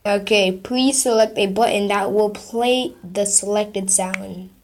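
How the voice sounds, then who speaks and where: A woman's voice: mid-range voice, fairly even intonation, takes it slowly, darkish tone, a little hiss or hum. A woman vlogger in casual chat, playing sound effects from an app and reacting with giggly, playful commentary.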